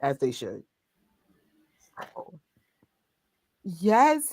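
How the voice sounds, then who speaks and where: Co-host chatting, laughs a lot, acts out what people said, mid pitch, dry close sound. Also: moderate pace, dry recording. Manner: animated storytelling with laughter and quoted reactions. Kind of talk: casual chat.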